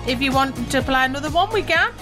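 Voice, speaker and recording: A woman's voice: high-pitched, animated, quick pace, over music. A woman co-hosting a casual radio chat, trading cheeky, giggly banter. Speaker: co-host.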